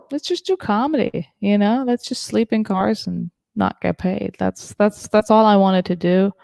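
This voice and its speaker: A woman from Germany performs a stand-up set over a video call, talking in a chatty, self-deprecating way full of fillers. Her voice has a gravelly fry at the edges. The sound is dry and close. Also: on the low side, a little mellow, dry recording. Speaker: stand-up comedian.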